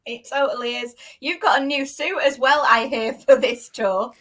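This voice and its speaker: A woman hosting a casual interview, bubbly and enthusiastic, quick to laugh. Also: fairly high pitch, a bit bright. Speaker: host.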